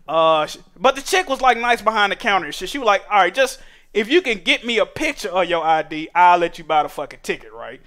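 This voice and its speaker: High, bright-voiced young man ranting. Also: fairly quick. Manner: profane, animated, rising to exasperated shouting. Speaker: streamer. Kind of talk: casual storytelling rant.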